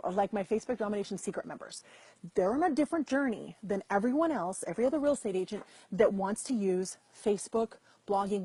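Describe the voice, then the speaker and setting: Husky-voiced woman hosting a live stream. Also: mid-range voice, mellow, no room sound. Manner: chatty, repeats and restarts, addresses viewers directly. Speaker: host. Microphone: computer mic over weak internet.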